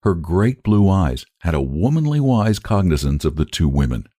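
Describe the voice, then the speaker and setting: A man reading a classic short story aloud in a measured, expressive narrating voice. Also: low-pitched, dry recording, studio quality.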